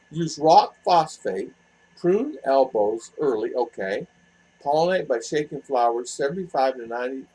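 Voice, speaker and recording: A man's voice: fairly high pitch, breathy edge, poor audio. An older man hosting a casual livestream, chatty and laughing easily as he greets viewers by name. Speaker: livestream host. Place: home in a cool hill town.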